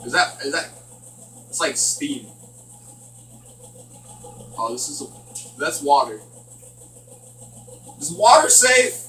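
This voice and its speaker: A man's voice: a little high, big pitch swings, slow pace, long pauses, sharp tone, recorded from a distance, a little hiss or hum. A man giving nervous, joking commentary while he plays a horror game. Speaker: gaming channel host. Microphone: distant from the mic. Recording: echoey room, voice off the mic.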